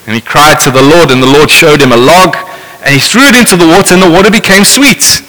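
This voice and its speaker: A man's voice: on the high side, fast, pushed and bright, in a large hall, low-quality recording. A man giving a conversational sermon, reading scripture and adding wry asides. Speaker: preacher.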